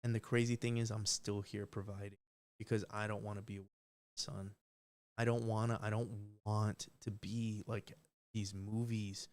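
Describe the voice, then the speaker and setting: A man's voice: on the low side, little pitch movement, moderate pace. A man talking live on a stream, rambling and emphatic, swearing often and restarting his sentences. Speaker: livestream host. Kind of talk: unscripted live stream rant.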